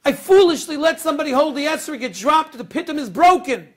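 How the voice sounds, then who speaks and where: A man's voice: extremely high pitch, expressive, a little fast, voice pushed up. A man voicing a distraught old grandmother. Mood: distraught pleading. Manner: tearful, self-reproaching pleading. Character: elderly grandmother, distraught and pleading.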